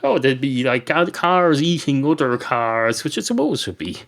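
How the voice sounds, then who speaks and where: A man's voice: mid-range voice, sing-song, moderate pace, fairly bright tone. Man rambling in a dry comic monologue. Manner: meandering, self-interrupting, dry and sweary. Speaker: podcast host.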